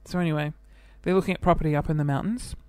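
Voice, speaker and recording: A man's voice: on the high side, fairly even intonation, very fast, mellow, smooth, dry recording. Chatty Australian man, dry close sound. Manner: chatty, self-deprecating, jumps between topics. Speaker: podcast host. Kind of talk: casual solo podcast monologue.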